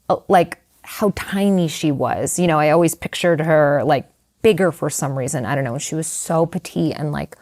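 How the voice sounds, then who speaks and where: A young adult woman telling a personal story in a candid, animated way, full of "like" and "you know". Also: sits low. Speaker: guest writer. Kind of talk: conversational storytelling.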